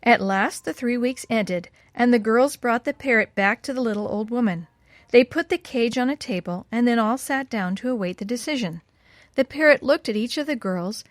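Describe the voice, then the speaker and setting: A woman narrating a children's story in an expressive, lilting read-aloud style. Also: on the high side, dry recording, clean studio sound.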